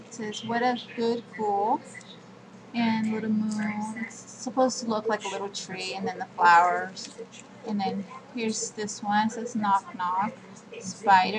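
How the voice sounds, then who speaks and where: A woman's voice: medium pitch, background noise. A woman walking viewers through her scrapbook pages in a homely show-and-tell video. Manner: slow, homely walkthrough of pages. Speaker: crafting vlogger.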